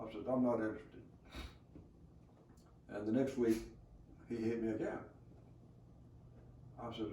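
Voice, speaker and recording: A man's voice: on the low side, flat delivery, unhurried, pauses often, mellow, highs cut off. A man in his nineties from rural Alabama with a Southern American accent, telling stories from his life in an interview, rambling along with many hesitations and chuckles. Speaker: veteran being interviewed. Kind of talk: storytelling interview. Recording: roomy, from a distance, faint background noise.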